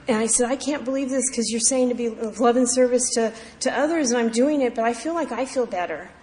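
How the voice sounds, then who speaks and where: Woman, recovery talk at a meeting, halting casual speech, roomy reverb. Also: fairly high pitch, darkish tone, a little hiss or hum. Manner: conversational, many fillers and restarts. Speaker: AA meeting speaker. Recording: echoey hall, faint ambience.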